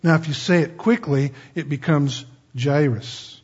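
A man's voice: on the high side, moderate pace, husky. A man preaching a folksy Bible-teaching sermon, chatty and digressive with joking asides, on a dull lo-fi recording.

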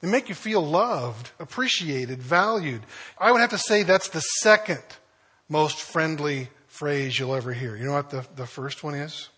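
A man's voice: on the high side, moderate pace, pushed and bright, slightly rough. A man preaching a conversational sermon in a folksy storytelling manner, chuckling now and then. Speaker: pastor.

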